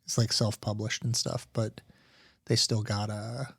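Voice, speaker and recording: Man telling animated stories on a podcast. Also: fairly low pitch, measured pace, creaky, breathy edge, dry recording, clean studio sound. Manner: animated storyteller, self-deprecating jokes. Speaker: podcast co-host. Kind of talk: casual book-club chat.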